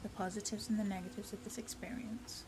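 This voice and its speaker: A woman's voice: medium pitch, steady tone, quick pace, noisy background. A woman running a tabletop game podcast as game master, chatty and often drifting off topic.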